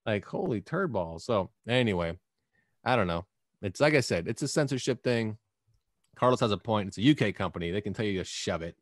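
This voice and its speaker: A man's voice: on the low side, fairly quick, dry recording. Rich: A male podcast host talks in a loose, joking way, with a voice that jumps up and down a lot. He is recorded close and dry, with almost no room sound. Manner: animated and joking, slips into mock voices. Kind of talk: casual podcast chat.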